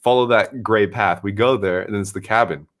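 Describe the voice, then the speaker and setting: Excitable, swearing man telling a story. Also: on the low side. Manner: excitable, swearing, quick retelling. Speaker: live streamer. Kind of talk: casual storytelling chat.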